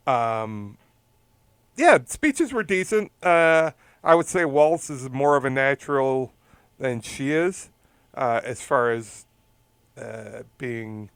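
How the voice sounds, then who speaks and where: Laughing as he goes, a podcast co-host rambles through a long story in casual chat. His smooth, clear, mid-range voice is recorded close and dry, with no room sound.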